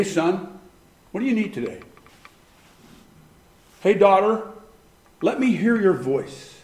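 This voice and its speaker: High-voiced man preaching in an echoey room. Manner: emphatic preaching, swings from hushed to loud. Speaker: pastor. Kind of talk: sermon.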